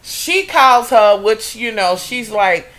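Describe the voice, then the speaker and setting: A woman's voice: fairly high pitch, expressive, slow, fairly bright tone. A young woman recapping a reality TV episode in a sassy, profane, gossipy way. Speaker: TV recap vlogger.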